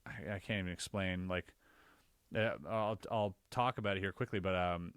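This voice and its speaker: A man on a podcast, casually recounting his own experiences as an animated storyteller whose voice jumps higher when he relives the scary parts. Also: normal speed, clear, resonant tone, no echo, studio quality. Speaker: podcast co-host.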